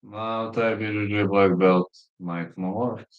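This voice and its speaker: A man hosting a casual live stream, reading viewer comments and answering them bluntly, with frequent profanity and filler pauses. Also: on the low side, steady tone, lo-fi sound. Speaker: livestream host.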